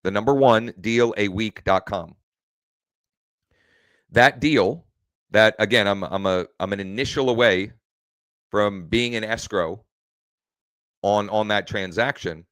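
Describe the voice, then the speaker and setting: A man's voice: lowish voice, takes it slowly, long pauses, a bit bright, dry recording. A man hosting a casual live stream from home as a real estate coach, rambling and often correcting himself mid-sentence. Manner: rambling, self-correcting, restarts phrases.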